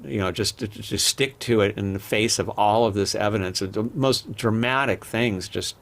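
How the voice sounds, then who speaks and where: A man's voice: on the low side, normal speed, vocal fry, fairly bright tone. A man, a podcast guest, telling rambling personal stories in a candid, casual way with frequent restarts. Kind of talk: casual interview storytelling.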